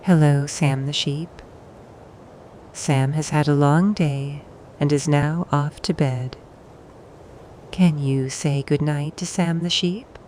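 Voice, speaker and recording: A woman narrating bedtime stories for toddlers, soft and soothing, pausing for the child to answer. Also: low-pitched, fairly even intonation, a little hiss or hum. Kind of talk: gentle bedtime storytelling for toddlers.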